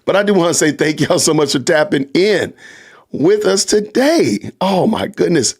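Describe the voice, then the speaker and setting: A middle-aged man, hosting a casual livestream podcast and talking straight to his live chat in an animated, joking way. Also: fairly high pitch, moderate pace, husky. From Georgia, US. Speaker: podcast host.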